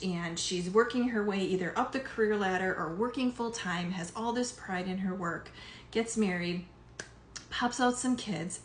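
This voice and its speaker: A middle-aged woman, a life coach, talking casually to her audience with lots of fillers and some emotion. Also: medium pitch. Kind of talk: casual monologue to camera. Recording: echoey room with faint background noise.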